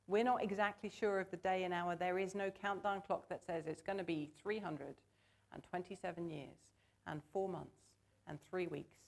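A woman's voice: fairly low pitch, creaky. A woman preaching a sermon in church, earnest and conversational, asking the congregation to join in.

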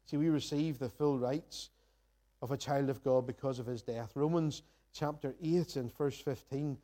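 A man delivers a sermon from the front of a church with a mellow, warm tone. He speaks earnestly and reflectively, reading scripture aloud and asking the congregation searching questions. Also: medium pitch, fairly even intonation, normal speed. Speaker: pastor. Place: church sanctuary.

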